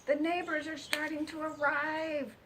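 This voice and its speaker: Storybook pig, gentle and anxious, voiced by a woman. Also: sits high, flat delivery, unhurried, background noise, pitched above the performer's own voice. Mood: worried. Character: polite anxious male pig.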